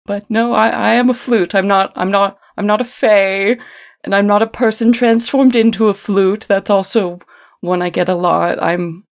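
A woman voicing a gentle, sing-songy female talking flute, speaking politely and sweetly. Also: medium pitch, fairly even intonation, normal speed, natural voice. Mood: patiently amused. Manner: polite, sweet, patiently corrects. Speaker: game master.

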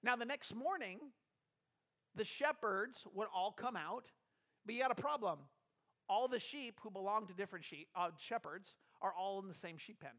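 A man's voice: sits high, normal speed, a bit bright. A man preaching a conversational sermon as a pastor, explaining a scripture passage and putting rhetorical questions to his congregation.

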